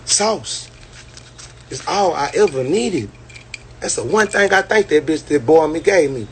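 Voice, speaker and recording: A brash man swaggers and preaches at his viewers through a phone mic, with his voice pitched a touch high. His profane boasting rolls on without a pause, and a faint hiss sits under the sound. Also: lively intonation. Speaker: livestreamer. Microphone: phone on a livestream.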